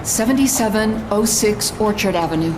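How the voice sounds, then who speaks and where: A woman's voice: medium pitch, animated, moderate pace, background noise, close to an everyday voice. An actress playing a distraught middle-aged mother, anxious and pleading.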